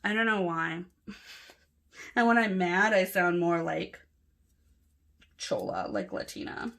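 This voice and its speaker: A woman's voice: fairly low pitch, unhurried, vocal fry. A woman from Los Angeles with a Los Angeles accent, chatting casually and rambling a little while she fills in her planner. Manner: chatty, rambling, soft-spoken with filler words. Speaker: planner vlogger. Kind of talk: casual plan-with-me chat.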